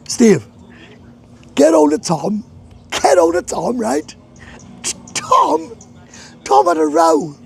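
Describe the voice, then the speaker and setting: Welsh man, gravelly voice, rambling sweary banter, casual live stream, faint background noise. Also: extremely high pitch, darkish tone. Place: bar in a hot tourist town.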